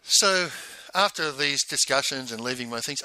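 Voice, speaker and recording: A man's voice: mid-range voice, lively intonation, moderate pace, sharp tone, smooth, dry recording, poor audio. A man, a former salesman, telling his own story frankly, with bursts of indignation. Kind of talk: candid personal storytelling.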